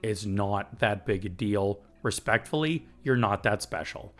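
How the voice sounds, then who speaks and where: A man's voice: on the low side, animated, measured pace. A man hosting a recovery podcast, talking earnestly and getting fired up, with the odd swear and laugh. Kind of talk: reflective recovery podcast talk.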